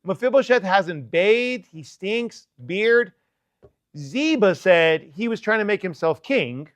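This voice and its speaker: A man's voice: high voice, animated, takes it slowly, a bit bright, no room sound. A man preaching a casual, joking sermon to teenagers, talking to them conversationally. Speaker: youth preacher.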